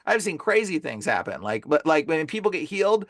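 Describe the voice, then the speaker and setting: A man guesting on a podcast as an exorcist, telling stories in a casual, animated way and saying "bro" constantly. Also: a little high, a little fast, no room sound, clean studio sound.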